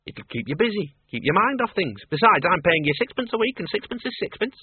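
A man voicing a blunt older countrywoman farmer who talks briskly and scornfully. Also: on the low side, very animated, slightly rough, pitched above the performer's own voice, exaggerated voice. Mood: nosy. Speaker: narrator voicing a character. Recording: tinny radio broadcast.

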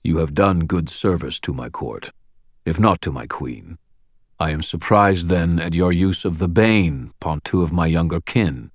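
A huge fae gruff that rumbles and growls, speaking in stiff archaic phrases, as a male narrator puts him on. The voice sits very low and is recorded dry and close. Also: measured pace, dry recording. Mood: menacing formal. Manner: formal archaic speech, growling.

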